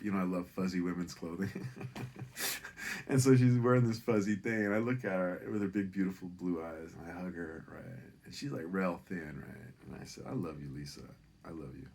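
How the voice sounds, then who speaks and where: A man's voice: extremely low pitch, slight background noise. A man in his fifties from Northern California, telling a personal story in a rambling, profane way and often tagging lines with "right?". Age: 50s. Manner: animated, profane, keeps asking "right?".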